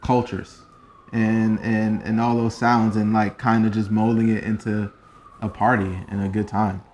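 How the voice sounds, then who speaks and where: Flat, low-voiced laid-back man. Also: measured pace, a little hiss or hum. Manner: laid-back, filler-heavy, monotone. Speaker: DJ and producer. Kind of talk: casual interview chat.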